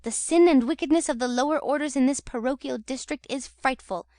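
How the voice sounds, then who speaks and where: A woman's voice: sits high, brisk, a little mellow, no room sound, studio quality. A woman voicing a pompous, indignant male parish beadle who scolds and moralizes. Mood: stern.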